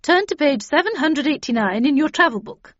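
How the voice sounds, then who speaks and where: Here the same car-mad old spinster, irascible and brusque, is voiced by a woman whose pitch is high and pushed up, her delivery animated and a little fast. She stays curt, sharp and dismissive throughout. The recording is dry, dull and lo-fi.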